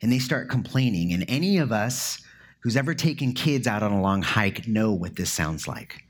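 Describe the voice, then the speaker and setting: A man's voice: lowish voice, expressive, normal speed. A man giving a sermon in an earnest, conversational way, with casual fillers as he explains a passage. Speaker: pastor.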